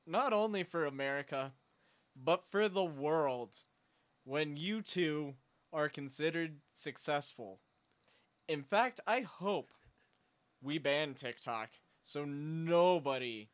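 A man hosting a comedy talk show, exasperated and deadpan, swearing as he gives up. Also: a little high. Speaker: show host.

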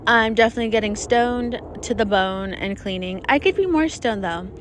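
A woman's voice: on the high side, animated, moderate pace, a little hiss or hum. A young woman hosting her own podcast, talking casually and profanely with frequent laughs, recording outdoors in the desert while planes fly overhead. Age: young adult. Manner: chatty, profane, self-mocking, often laughing. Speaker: podcast host. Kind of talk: casual solo podcast monologue. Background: passing airplanes.

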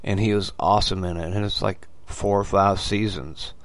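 A man's voice: deep voice, fairly even intonation, moderate pace, no echo. A man who hosts his own radio show, chatting easily as a podcast guest. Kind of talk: casual chat.

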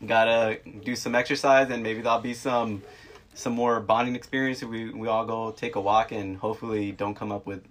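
A man's voice: fairly low pitch, level tone, a little fast, a bit bright, a little hiss or hum. A man in his thirties, co-hosting a casual podcast, telling stories in a laid-back way, laughing and swearing now and then. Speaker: podcast co-host. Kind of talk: casual chat.

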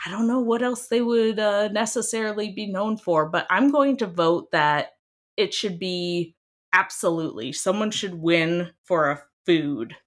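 A young woman from Iowa chatting casually as a guest, animated and emphatic, often laughing. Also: mid-range voice, measured pace. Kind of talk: casual chat.

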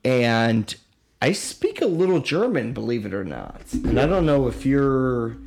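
A man co-hosting a wrestling and comedy podcast, his voice rising and falling in a lively way. He jokes, swears freely and keeps the chat loose and casual. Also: mid-range voice, measured pace, vocal fry. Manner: joking, laughs often, swears. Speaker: podcast co-host.

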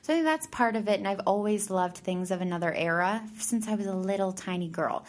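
A woman's voice: medium pitch, a little fast. A woman in her thirties, a stage actor as guest, chatting in a bubbly way, laughing often and filling her talk with "like". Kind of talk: casual chat.

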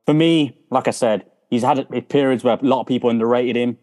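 A man's voice: medium pitch, fairly even intonation, brisk, mellow. Enthusiastic male podcast guest. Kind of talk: casual podcast chat.

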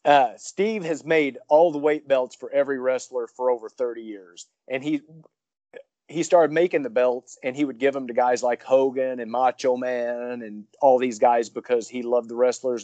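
A man, a professional wrestler, telling a story in an interview, rambling excitedly with many restarts. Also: medium pitch, dry recording, lo-fi sound.

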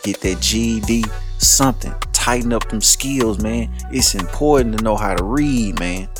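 A man's voice: fairly low pitch, moderate pace. A man hosting a podcast, talking loosely and profanely in a casual, laughing way. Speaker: podcast host. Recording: music playing underneath.

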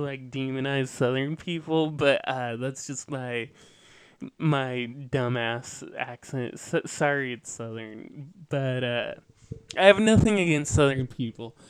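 A man's voice: a little high, clean tone, no echo. A man hosting a podcast, delivering an opinionated, lecturing political monologue with a sardonic edge. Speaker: podcast host.

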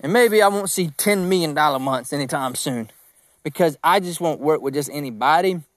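A man hosting his own podcast, talking casually about business in a rambling, animated way, with emphatic repeated no's and self-deprecating asides. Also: fairly high pitch, a little fast, no room sound, clean studio sound. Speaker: podcast host.

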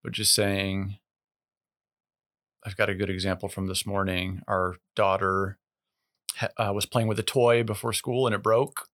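A man as a guest on a podcast, talking in a relaxed, agreeable way and telling everyday stories. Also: lowish voice, a little slow, long pauses. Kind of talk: casual conversation.

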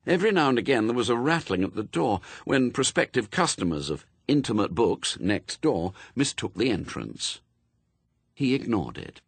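Male audiobook narrator, wry, husky, close dry mic. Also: lowish voice, no echo. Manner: wry, expressive storytelling. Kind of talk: scripted narration.

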